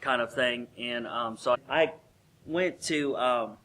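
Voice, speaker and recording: Bright-voiced man telling lively stories. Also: medium pitch, takes it slowly. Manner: animated, laughs often and acts out quoted guests. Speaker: interview guest, former theme park worker. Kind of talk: casual storytelling interview.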